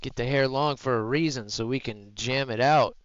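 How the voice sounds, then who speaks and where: A man's voice: mid-range voice, moderate pace, smooth, dry recording, muffled recording. A man streaming live from home, chatting in an easygoing, rambling way into a headset mic. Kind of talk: casual live-stream chat.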